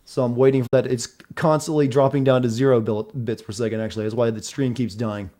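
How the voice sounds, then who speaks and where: A man's voice: medium pitch, fairly even intonation, fast talker, mellow. A man streaming a video game, chatting casually with viewers about connection problems and his play.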